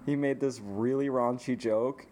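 A man in an easygoing podcast chat, recounting a night out with lively energy. He laughs often through his own story and swears freely, his voice sitting at an ordinary middle pitch. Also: unhurried, a little hiss or hum. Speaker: podcast co-host. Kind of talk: casual chat.

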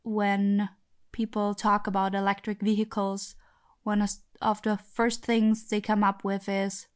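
A woman's voice: mid-range voice, little pitch movement, a little slow, clean tone. A woman from Austria, co-hosting a casual podcast with her husband and chatting with laughs and sarcastic asides. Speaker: podcast co-host. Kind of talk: casual chat.

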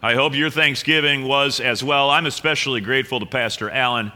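Bright-voiced pastor in a reverberant church. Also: male voice, medium pitch, brisk. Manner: relaxed, joking, with fillers and restarts. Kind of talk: sermon opening with prayer and chat. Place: church sanctuary. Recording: long hall reverb.

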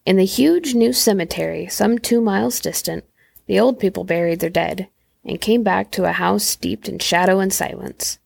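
Woman reading a spooky story, gravelly husky voice, dry close sound. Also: medium pitch, moderate pace, a little mellow, dry recording. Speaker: podcast host, storyteller. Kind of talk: reading a horror story aloud.

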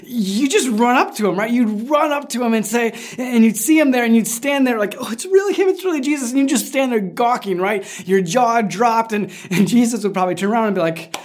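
A pastor preaching in a relaxed, conversational way, more like chatting than lecturing. The delivery tells the story plainly and slips into acting out what the people in it say. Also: mid-range voice, a little fast, few pauses. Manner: informal storytelling, acts out quoted lines. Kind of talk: conversational sermon.

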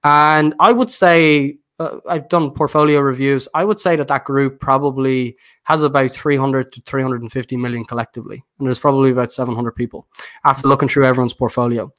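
Steady, brisk, and slightly bright, the man's mid-range voice carries a noticeable non-standard accent that viewers comment on. Appearing as a guest investor on a podcast, he rambles casually, restarting often and leaning on fillers.

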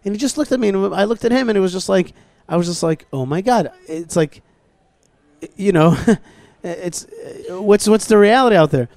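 A man hosting a talk show, telling stories in a casual, animated way with many restarts and quoted dialogue. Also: high voice, moderate pace, vocal fry, dry recording. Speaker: podcast host. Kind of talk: casual storytelling conversation. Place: outdoors at a plaza.

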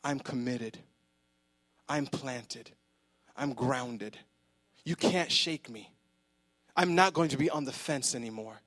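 A man's voice: mid-range voice, slow, pauses often, fairly bright tone. A man preaching a sermon in a church, fervent and emphatic, repeating words as he presses his point. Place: church sanctuary.

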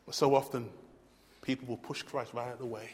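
A man preaching a sermon, swinging from hushed to loud and repeating words as he presses his point. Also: mid-range voice, flat delivery, a little fast, very noisy. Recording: long hall reverb.

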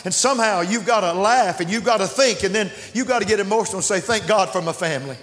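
A man preaching a sermon in a church, impassioned, swinging between shouts and hushed asides. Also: sits high, fast talker, a little hiss or hum. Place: church sanctuary. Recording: long church reverb.

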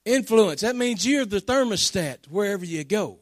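Fervent high-voiced male preacher. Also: lively intonation, normal speed, dry recording, clean studio sound. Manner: fervent, Southern-tinged folksy preaching with call-outs to the congregation. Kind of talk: sermon.

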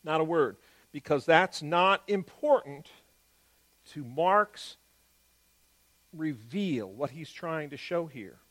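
A man giving an explanatory Bible teaching, stressing key words and moving between quick and drawn-out phrasing. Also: on the high side, expressive, a bit bright.

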